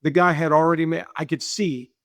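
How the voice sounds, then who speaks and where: Animated middle-aged man telling stories. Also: a little high, brisk, no room sound, studio quality. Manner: animated, acts out quoted dialogue, repeats himself. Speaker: business owner and guest. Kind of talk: casual interview storytelling.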